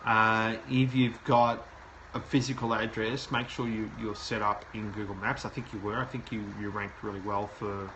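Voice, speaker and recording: Bright-voiced man reviewing a website live. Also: lowish voice, little pitch movement, normal speed, slight background noise, low-quality recording. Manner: thinking aloud, plain-spoken and direct. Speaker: SEO consultant host. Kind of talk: live website review, talking while browsing.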